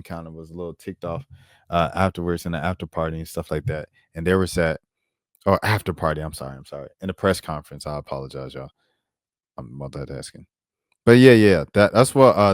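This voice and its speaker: Deep-voiced guy doing a loose slangy basketball recap, dry close sound. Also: no room sound. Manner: animated, slangy, talks while pulling up clips. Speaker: basketball commentator and vlogger. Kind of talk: casual sports recap vlog.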